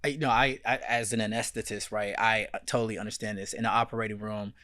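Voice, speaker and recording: An American man who is a podcast host and anesthetist, talking in a relaxed, conversational way and often restarting his sentences. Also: fairly low pitch, fast talker, dry recording, studio quality. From United States. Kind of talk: podcast interview.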